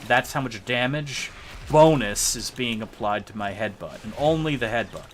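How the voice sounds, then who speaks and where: A man's voice: mid-range voice, moderate pace, a little hiss or hum. Brief: a chatty male streamer walking viewers through his build, casual and explanatory. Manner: chatty, explains game builds while playing. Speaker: game streamer. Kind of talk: casual live-stream commentary.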